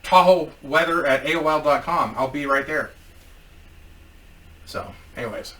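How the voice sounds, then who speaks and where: A man's voice: on the high side, unhurried, sharp tone, distant mic. A man telling a story in a casual, profane, rambling vlog as a YouTuber.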